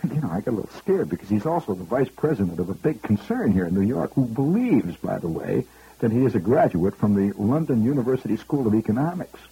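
A husky-voiced man telling a rambling, wry comic story as a radio monologist. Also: on the low side, sing-song, fast, warm tone, muffled recording.

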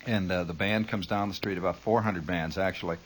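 A man's voice: low-pitched, steady tone, a little fast, husky. A man hosting a radio show, talking in a wry, sardonic, rambling monologue full of asides. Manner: wry, sardonic, digressive, mock-grandiose asides. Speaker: radio host. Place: radio studio.

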